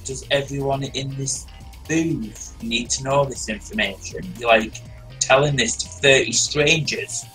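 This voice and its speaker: A man tells a long story in a loose, rambling way, often repeating words. His voice is bright and forceful, and faint music plays behind him. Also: mid-range voice, rough recording. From Britain. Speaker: stream host. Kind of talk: casual storytelling chat. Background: faint background music.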